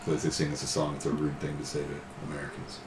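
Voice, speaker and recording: A man at a tabletop game, chatting casually and telling a rambling, animated story. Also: a bass voice, quick pace. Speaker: player. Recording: roomy mic with clear background noise.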